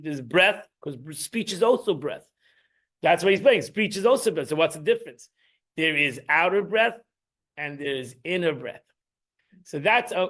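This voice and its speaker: High-voiced man teaching Torah. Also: a bit bright. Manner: rambling, repeats and restarts, emphatic rises. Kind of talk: informal Torah class.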